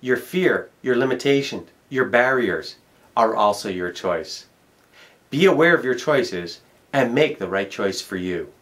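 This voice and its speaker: A man's voice: mid-range voice, animated, a little slow, fairly bright tone. A middle-aged man, a motivational speaker, giving an emphatic self-help talk and repeating key words for effect. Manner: storytelling.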